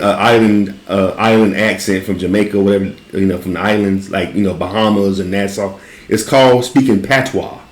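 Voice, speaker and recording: A man with a Southern accent hosting a casual chat, telling an animated, profane story and laughing often. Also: on the low side. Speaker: podcast host. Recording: roomy echo.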